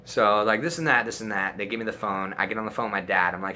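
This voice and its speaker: A man telling a personal story in a crude, animated way, swearing freely. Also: mid-range voice, fast. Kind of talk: profane comic storytelling.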